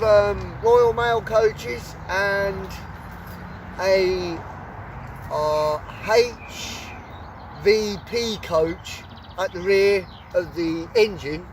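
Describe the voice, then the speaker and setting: Man, higher voice, chatty storytelling, heard from a distance, loud outdoor noise behind. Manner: chatty, self-correcting. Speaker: vlogger. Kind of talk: casual storytelling. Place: outdoors by a country road.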